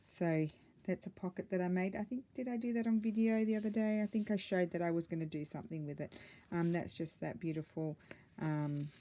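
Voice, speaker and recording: A woman with a lowish, mellow voice chats casually as she shows her crafts. She rambles happily, fills gaps with ums and corrects herself midway. She sounds a little out of breath. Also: slight background noise. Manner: excited, rambling, many ums and self-corrections. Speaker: craft vlogger. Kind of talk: casual chatty flip-through.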